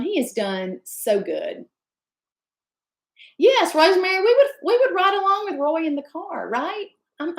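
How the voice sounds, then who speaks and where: A woman's voice: on the high side, echoey room. A woman, hosting a casual live stream and chatting effusively as she greets viewers by name. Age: 50s. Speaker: livestream host.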